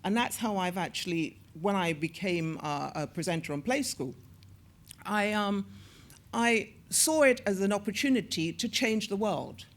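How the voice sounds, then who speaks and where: A woman in her sixties, an actor and former TV presenter, telling lively stories in an onstage interview and acting out the voices she quotes. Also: mid-range voice, unhurried. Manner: lively storyteller who acts out quoted voices. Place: on a stage at a screening event.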